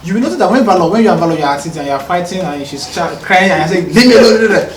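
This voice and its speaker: A man, a podcast co-host talking calmly and earnestly, often checking whether he is understood. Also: high-pitched, rapid-fire, slight background noise. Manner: calm, earnest, explaining with rhetorical checks. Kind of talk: casual conversation. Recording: roomy, distant mic, faint music.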